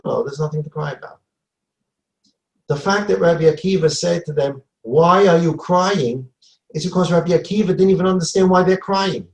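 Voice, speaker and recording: A man's voice: fairly high pitch, creaky, darkish tone, reverberant, low-quality recording. A man giving a Torah class as a rabbi, emphatic, repeating phrases and acting out dialogue. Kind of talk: Torah lecture.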